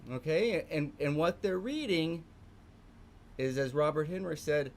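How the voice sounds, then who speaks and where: A man's voice: a little high, expressive, a little slow, slight background noise. A middle-aged man with a Texan accent, teaching a live online morning art class, emphatic and repeating phrases for stress. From Texas.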